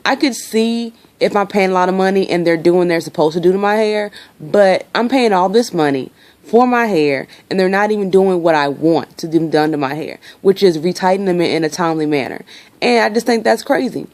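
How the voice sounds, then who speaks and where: A woman's voice: on the low side, brisk, a little mellow. A young woman venting her frustration in a casual vlog, talking freely and swearing. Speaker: vlogger.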